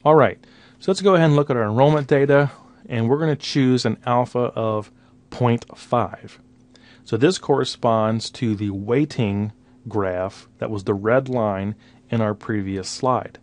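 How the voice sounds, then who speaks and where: A man's voice: medium pitch, a little slow, darkish tone. A man teaching a recorded slide lecture, patiently explaining numbers one step at a time. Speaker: instructor.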